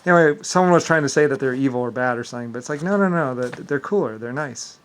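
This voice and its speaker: A man speaks in a loose, meandering monologue, restarting and repeating words as he goes. His pitch sits in an ordinary middle range. He sounds indignant and often swears. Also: fast. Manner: repetitive, stumbling, filler-heavy; profane and indignant. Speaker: vlogger. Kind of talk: rambling monologue.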